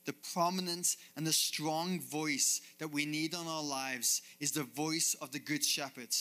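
Male pastor mid-sermon, bright forceful voice, earnest rhythmic delivery from a church stage. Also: a little high, steady tone, measured pace. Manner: earnest, repetitive preaching cadence.

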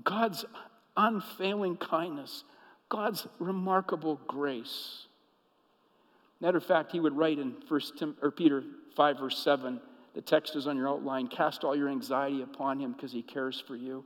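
A man preaching a sermon as pastor, telling stories and moving between hushed, intimate passages and emphatic, rising ones. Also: a little high, fairly even intonation, measured pace, long reverb tail, low-quality recording.

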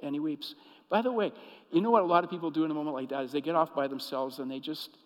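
A pastor preaches a sermon full of stories, moving between hushed, intimate passages and emphatic, rising ones. His voice is on the high side and quick, with a big-room sound and low recording quality.

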